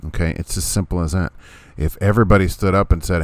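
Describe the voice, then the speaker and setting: A man with a deep voice hosts a laid-back opinion podcast, speaking briskly with no echo around him. Sarcastic and blunt, he keeps repeating things to hammer each point in.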